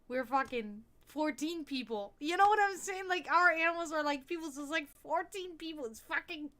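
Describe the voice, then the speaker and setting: Woman host, fairly high voice, loose rambling chat, frequent swearing and laughter. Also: moderate pace, bright, forceful tone. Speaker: stream host. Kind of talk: casual livestream chat.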